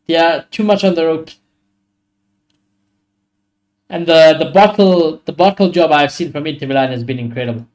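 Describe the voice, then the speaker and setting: A man with a slightly higher-pitched voice hosts a live football watchalong. He gives blunt, opinionated reactions and swears often as the match plays out. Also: a little fast, a little mellow. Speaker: streamer hosting a football watchalong.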